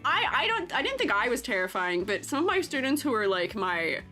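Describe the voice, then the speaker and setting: A woman with a bright, higher voice chats on a live stream, her pitch bouncing up and down as she rambles. She giggles often and fills her talk with "like." Soft music plays faintly underneath. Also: very animated, a little fast. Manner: giggly, rambling, full of "like" fillers. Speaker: streamer and art teacher. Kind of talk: casual live-stream chat.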